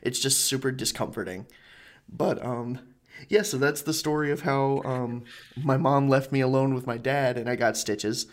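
A man's voice: mid-range voice, fairly even intonation, moderate pace. A man telling a story in a loose, rambling casual chat, full of filler words and the odd swear.

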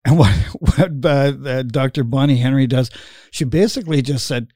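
A man's voice: mid-range voice, moderate pace, dark tone, no room sound, studio quality. A middle-aged man hosting a casual chat, rambling with many fillers and laughing as he tells stories. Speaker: podcast host.

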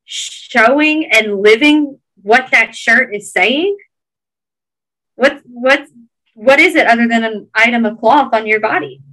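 A woman's voice: on the high side, slow, sharp tone, low-quality recording. A woman with a Georgia Southern accent, earnestly encouraging listeners in a casual podcast chat.

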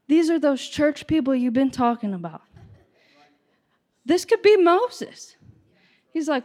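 A woman preaching a sermon with passion, her voice rising to shouts at its peaks. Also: sits high, very animated, slow pace, pauses often, big-room sound. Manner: impassioned, builds to shouting.

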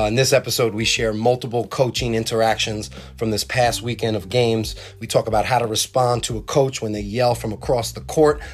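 A man hosting a podcast, telling stories about refereeing in a relaxed, chatty way. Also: medium pitch. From New York. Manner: relaxed, anecdotal storytelling with laughs and acted quotes. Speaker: basketball referee and podcast host. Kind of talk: casual podcast chat. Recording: echoey room with faint ambient noise.

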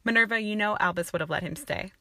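A woman voicing a sullen, dour male wizard teacher who speaks calmly with a drawl. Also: mid-range voice, fast talker, no echo, voice pushed up. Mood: measured. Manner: calm, drawling.

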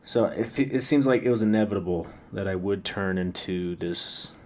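A man's voice: sits low, normal speed, slight background noise. A man hosting a late-night solo podcast, rambling wryly with frequent stammered restarts. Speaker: podcast host.

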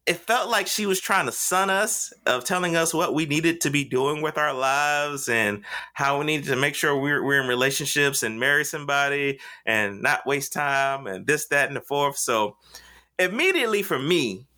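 A man's voice: fairly high pitch, normal speed, sharp tone. A man in his thirties telling stories in casual chat, swearing freely and acting out the voices of people in his stories. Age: 30s. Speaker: podcast co-host.

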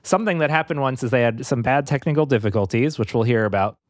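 A man's voice: medium pitch, fast, no room sound, clean studio sound. A man co-hosting a podcast in casual chat, talking loosely with fillers and restarts. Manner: conversational, frequent fillers and restarts. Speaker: podcast co-host.

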